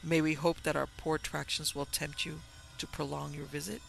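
A man reading a flattering, effusive gentleman in an audiobook, full of elaborate courtesy. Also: fairly high pitch, normal speed, creaky, faint music behind. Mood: gushing. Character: oily, flattering middle-aged gentleman.

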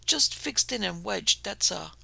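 A man doing a gravelly old gamekeeper. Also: high-pitched, expressive, a little slow, pushed and bright, no echo, pitched above the performer's own voice, heavily acted. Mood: deferential. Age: 70s. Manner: homely, deferential. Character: old Scottish male gamekeeper, plain and respectful. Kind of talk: audiobook character voice.

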